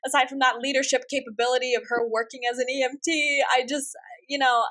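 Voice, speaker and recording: A woman's voice: sits high, flat delivery, quick pace, fairly bright tone. An American woman co-hosting a podcast in casual chat, offhand and blunt, posing rhetorical questions. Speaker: podcast co-host.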